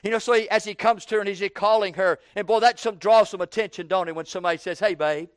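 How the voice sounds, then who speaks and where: A man preaching an evening sermon in a folksy way, repeating words and building up to shouted questions. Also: sits high, steady tone, fast talker, clean tone, no room sound, clean studio sound.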